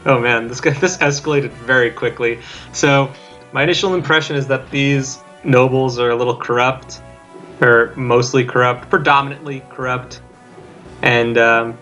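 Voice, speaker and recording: A man's voice: mid-range voice, steady tone, moderate pace, a bit bright, faint music behind, poor audio. A man giving casual let's play commentary, musing aloud as he plays and reading bits of on-screen text. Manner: chatty, musing, often reads game text aloud.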